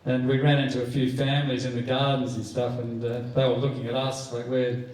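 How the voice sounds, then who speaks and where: An Australian man in his sixties tells stand-up poker stories in a loose, rambling way. His voice sits at an ordinary pitch. The room is very echoey and he sounds well away from the mic. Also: level tone, brisk, a little mellow. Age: 60s. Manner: rambling anecdotal storytelling, jumps up high to act out quoted people. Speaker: stand-up comedian. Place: club function room. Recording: echoey room heard from a distance.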